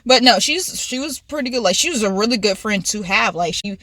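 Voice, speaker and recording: Young woman vlogger, high bright voice, chatty and animated. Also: moderate pace, no room sound. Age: 20s. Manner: animated, laughs often, rambling asides. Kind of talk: casual storytime. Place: car.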